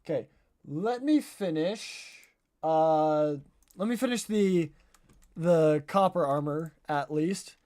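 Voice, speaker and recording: A man talking viewers through a live gameplay stream, animated and quick to blame himself. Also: on the high side. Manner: animated, self-critical, talks straight to viewers. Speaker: game streamer.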